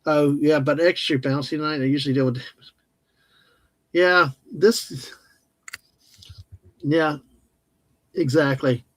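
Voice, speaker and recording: A man co-hosting a live stream, making jokey, animated asides in casual chat. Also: a little high, slow pace, pauses often, no room sound. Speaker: co-host.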